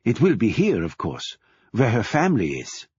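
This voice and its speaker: A man voicing a reserved, anxious mother who speaks quietly. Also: medium pitch, huge pitch swings, normal speed, slightly rough, no echo, exaggerated voice. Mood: tender. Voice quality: quiet, soft-spoken. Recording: dull lo-fi recording.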